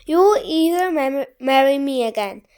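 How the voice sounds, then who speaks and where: A woman's voice: sits high, animated, normal speed, a little mellow. A woman reading the lines of a grim, scheming male villain in a storybook audiobook, insistent and threatening. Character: scheming villainous grown man, menacing.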